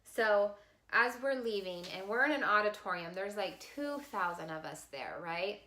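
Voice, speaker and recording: A woman vlogger telling a personal story to camera in a heartfelt, expressive way. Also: mid-range voice, normal speed, reverberant, a little hiss or hum. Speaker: vlogger sharing a life lesson.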